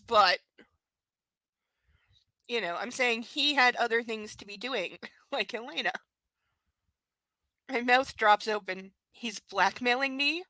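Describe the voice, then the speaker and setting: A woman's voice: fairly high pitch, pushed and bright, no room sound. A young adult woman doing a live reading of a book, breaking off into mocking, sarcastic commentary. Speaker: reader and commentator.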